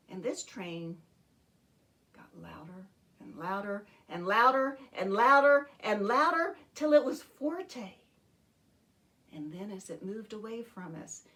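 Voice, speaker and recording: A woman teaching a children's music and movement lesson in a gentle, encouraging way. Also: mid-range voice, far from the mic. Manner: slow, gentle, encouraging, talks to young children.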